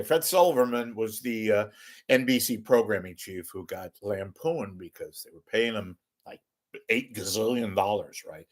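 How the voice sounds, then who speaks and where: A man hosting a casual, ad-libbed livestream, rambling and jokey with lots of fillers. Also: lowish voice. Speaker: host.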